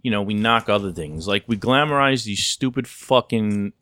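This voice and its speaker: A man's voice: on the low side, animated, normal speed, fairly bright tone, no echo, studio quality. A man co-hosting a casual podcast chat, crude and rambling, swearing often. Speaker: podcast co-host.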